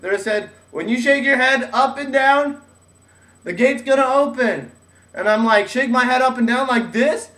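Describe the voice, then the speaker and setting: A man's voice: very high voice, a little slow. A young man telling a personal story in a casual way, acting out what others said in their voices. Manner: animated, acts out voices of others. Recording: echoey room, mic at a distance.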